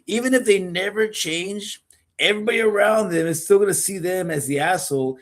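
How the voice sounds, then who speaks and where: A man's voice: high voice, fairly quick. Man, podcast co-host, earnest, repetitive restarts, casual chat. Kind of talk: casual conversation.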